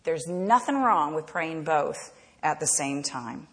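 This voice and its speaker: A woman's voice: sits low, animated, slow pace, a bit bright, big-room sound. A woman preaching a sermon, earnest and direct, often asking the congregation rhetorical questions.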